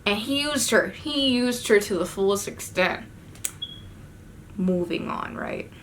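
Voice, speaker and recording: A young woman telling a story in a casual storytime vlog, animated and slangy, with sudden swearing outbursts. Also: medium pitch, takes it slowly, a little hiss or hum. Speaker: vlogger.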